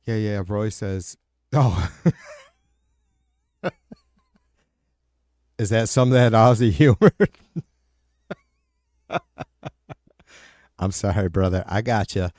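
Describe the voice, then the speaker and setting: A middle-aged man hosts a livestream and swears freely as he rambles through answers to his chat. His voice sits fairly low, with a warm, mellow tone. The sound is dry and close. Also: very slow, long pauses, no echo. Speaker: livestream host. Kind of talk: casual chat with viewers.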